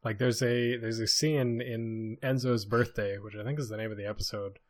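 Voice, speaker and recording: A man's voice: lowish voice, fairly even intonation, moderate pace. A man co-hosting a casual podcast chat, teasing playfully and laughing as he talks. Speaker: podcast co-host.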